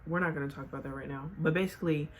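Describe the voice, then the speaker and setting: A woman's voice: low-pitched, steady tone, rapid-fire. A young woman vlogger casually telling a story, chatty and full of filler words.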